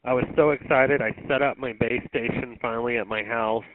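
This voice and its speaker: A man's voice: mid-range voice, fairly even intonation, brisk, a little hiss or hum. A man running a weekly two-way radio net as net control, chatting in a folksy, rambling way with lots of ums. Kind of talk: casual on-air radio chat. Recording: tinny two-way radio audio.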